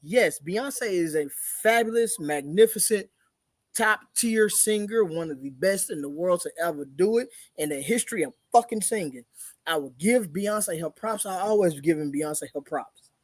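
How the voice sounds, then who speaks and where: A man's voice: high-pitched, expressive, moderate pace, no room sound. A man co-hosting a casual podcast, ranting in a heated, profane way. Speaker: podcast co-host.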